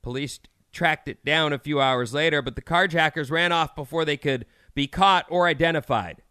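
Radio co-host, man, 30s, bright crisp voice, dry studio sound, wry news-reader delivery. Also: a little high, normal speed, no echo. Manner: reads odd news stories with wry asides. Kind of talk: morning radio news banter.

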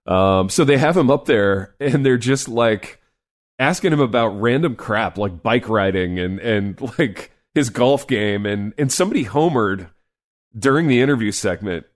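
A man's voice: mid-range voice, expressive, normal speed. A man co-hosting a sports podcast in casual chat, loose and rambling with lots of filler words.

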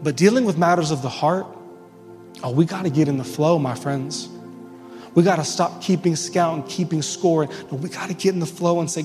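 Pastor guy preaching, kinda high voice, lots of restarts, echoey church hall w/ soft music under. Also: moderate pace. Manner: earnest, emphatic, with frequent restarts. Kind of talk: sermon.

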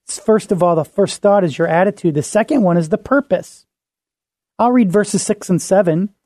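A man, a pastor and podcast host, teaching earnestly on fasting and reading scripture aloud with emphatic repetition. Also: high voice, dark tone, dry recording, clean studio sound.

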